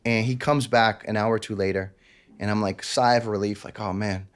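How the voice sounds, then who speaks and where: A man's voice: lowish voice, fairly even intonation, moderate pace, clean tone. A man, telling a candid personal story as a podcast guest and acting out quoted lines. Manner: intense, confessional, acts out quotes.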